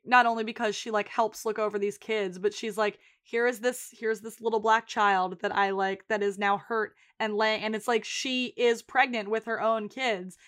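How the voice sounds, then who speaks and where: Chatty woman recapping a show, a bit high. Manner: animated retelling with quoted voices. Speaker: podcast co-host. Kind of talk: casual chat recapping a TV episode.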